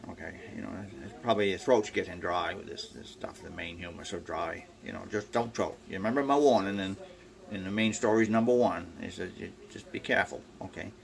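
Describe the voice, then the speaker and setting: A man's voice: sits low, brisk, vocal fry. An older man telling folksy farm jokes at home, rambling with lots of fillers and acting out the characters. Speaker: joke teller. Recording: faint background noise.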